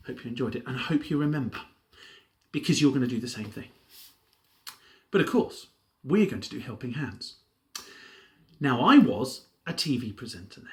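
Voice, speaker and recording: A man leading a home drama workshop, talking in a lively, playful way and slipping into mock TV-presenter and character voices. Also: medium pitch.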